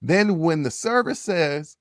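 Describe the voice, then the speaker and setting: A man hosting a podcast, telling a story in a casual, animated way, repeating phrases and jumping his voice up when he gets worked up. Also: slow, dry recording, studio quality. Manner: animated, repeats phrases, jumps to high yells when quoting. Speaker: podcast host.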